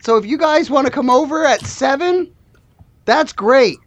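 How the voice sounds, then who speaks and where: A woman's voice: sits high, expressive, normal speed, dry recording, highs cut off, voice pushed up. A woman voicing an overworked, lovesick shop worker who sold their soul, in a drawling slacker impression during an improvised tabletop game. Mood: lovelorn. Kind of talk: improvised tabletop role-play.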